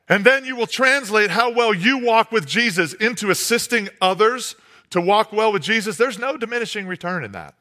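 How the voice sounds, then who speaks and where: A man preaching a sermon, telling a comic story as an animated storyteller who drops to a hush for effect. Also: high-pitched, normal speed.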